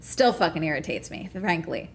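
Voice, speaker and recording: A young adult woman streaming and chatting casually, telling stories in a profane, animated way with many restarts. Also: deep voice, normal speed. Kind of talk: casual livestream chat.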